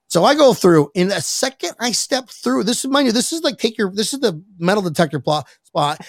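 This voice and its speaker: A man's voice: high-pitched, big pitch swings, brisk, hardly any pauses, no room sound, clean studio sound. Rambling, tipsy man in casual chat. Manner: rambling storyteller, swears freely, many restarts. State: tipsy from drinking. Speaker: podcast host.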